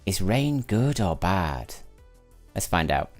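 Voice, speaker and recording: A middle-aged man with a northern English accent, its edges softened into a mixed blend, talks through a game as he plays. His voice sits deep and low, and he muses aloud, answering viewers between moves. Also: big pitch swings, slow pace, soft background music. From Lancashire, England. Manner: musing aloud, chatting with viewers while playing. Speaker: gaming streamer. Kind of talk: live gameplay commentary.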